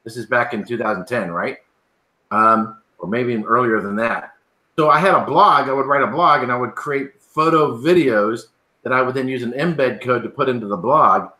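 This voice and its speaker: Bright sounding guy on a livestream, explains stuff at length, says right a lot, echoey. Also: medium pitch, normal speed. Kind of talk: casual live-stream chat. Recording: echoey room.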